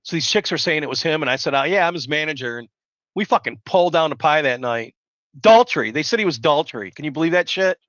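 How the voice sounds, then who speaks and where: A man's voice: fairly high pitch, expressive, fast, a bit bright, dry recording. A man, hosting a live stream and telling rambling stories, swearing constantly. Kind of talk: profane casual storytelling chat. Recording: dull lo-fi dry sound.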